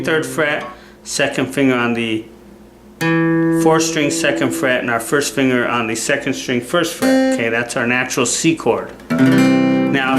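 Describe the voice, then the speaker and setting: A man giving a casual guitar lesson, who keeps checking in with the viewer by asking "okay?". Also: mid-range voice. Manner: relaxed, repeats "okay?" to check in. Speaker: guitar teacher. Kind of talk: casual instructional talk. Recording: roomy sound with loud guitar playing. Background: guitar playing.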